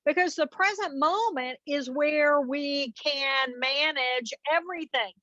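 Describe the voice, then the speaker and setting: A woman's voice: high-pitched, slow, bright, forceful tone, dry recording, dull audio. A woman guest expert explaining in an earnest, teaching way with step-by-step examples. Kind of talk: explanatory interview talk.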